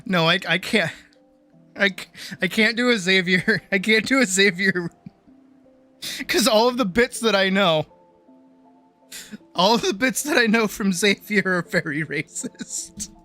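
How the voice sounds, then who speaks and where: A woman's voice: mid-range voice, unhurried, pauses often. A woman streamer chatting casually, swearing a lot and mocking herself. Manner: profane, animated, self-mocking. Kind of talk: casual live-stream chat. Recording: faint music behind.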